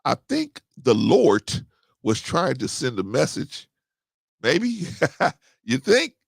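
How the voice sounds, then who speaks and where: Casual comic host, male, animated swings in pitch, dry mic. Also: slow, creaky, slightly rough, no room sound. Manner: animated, joking, laughs often; preachy storytelling with sudden pitch jumps. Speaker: livestream host reading scripture. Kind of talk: casual comic Bible commentary.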